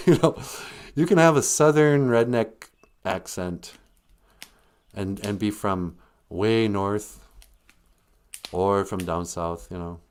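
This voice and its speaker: A man's voice: lowish voice, takes it slowly, long pauses, clear, resonant tone. A man from Montana hosting a livestream, rambling through a joking monologue and laughing often. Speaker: livestream host. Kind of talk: casual comedic monologue.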